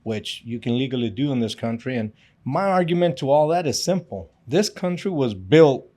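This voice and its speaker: A man's voice: mid-range voice, expressive, moderate pace, warm tone. A middle-aged man co-hosting a podcast, talking in a blunt, emphatic casual way and laughing often. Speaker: podcast co-host. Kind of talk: casual chat.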